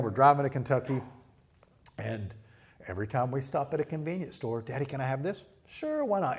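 A middle-aged man preaching a sermon, telling stories and acting out quotes with lively voices. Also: mid-range voice. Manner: storytelling with animated acted-out quotes. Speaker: pastor.

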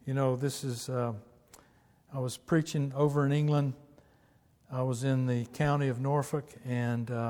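A man's voice: medium pitch, mellow, big-room sound. A man from Texas, preaching a sermon with emphatic repetition and storytelling.

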